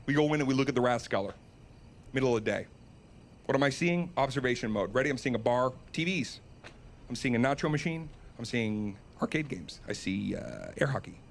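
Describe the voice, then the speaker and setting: A man's voice: medium pitch, expressive, a little fast, vocal fry, a little hiss or hum. A man telling a comic story as a solo podcast host, self-mocking and laughing at his own tale. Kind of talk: comedic storytelling.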